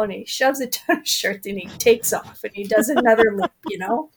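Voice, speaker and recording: A woman's voice: on the high side, moderate pace, creaky, husky. A woman, a guest in a casual interview, telling funny stories about crewing for her husband's races, laughing often and acting out what people said. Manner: animated, laughs often, acts out quoted lines. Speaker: guest, crew for an ultrarunner husband.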